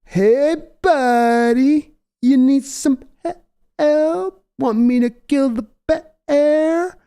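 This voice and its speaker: A man's voice: very high voice, extremely slow, mellow, voice pushed up, full character voice. A man putting on a drawling, chummy impression of a laid-back rescuer. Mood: cocky. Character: laid-back Pauly Shore-style rescuer with a crossbow.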